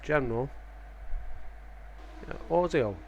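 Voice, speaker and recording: A man's voice: mid-range voice, animated, takes it slowly, a little mellow, slight background noise. A young Australian man chatting casually on a live stream about a sim race, rambling and cutting himself off mid-sentence. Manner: chatty, rambling, self-interrupting.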